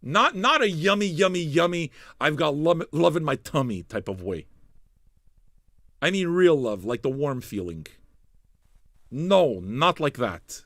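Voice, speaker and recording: A man's voice: moderate pace, no echo, studio quality. A man hosting a live music stream, chatting casually and swearing freely as he rambles, jokes and riffs on the viewers' messages. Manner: profane, rambling, joking with the chat; animated, suddenly loud, then low and mumbling. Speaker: streaming radio DJ host.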